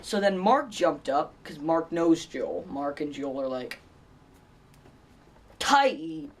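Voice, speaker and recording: A man's voice: on the high side, expressive, takes it slowly, slightly rough, recorded from a distance. A teenage boy vlogger telling a story in a rambling way, with many fillers and restarts. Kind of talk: casual storytelling vlog.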